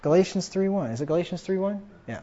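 A man preaching a sermon, quoting scripture emphatically and getting louder on the quotes. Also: high voice, animated, fast. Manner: emphatic, rises loud when quoting scripture. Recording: dull lo-fi recording.

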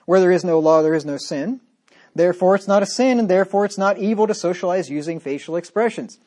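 A man delivers a sermon, reading scripture aloud in a firm voice. His talk swings between loud, emphatic points and quiet, sarcastic asides. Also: high-pitched, fast. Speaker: preacher.

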